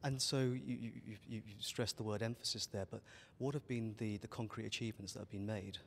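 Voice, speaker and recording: Polite interviewer man, low voice. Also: fairly even intonation, brisk, gravelly. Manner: polite, carefully phrased questions. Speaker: interviewer, editor. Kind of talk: formal interview questions. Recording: long reverb.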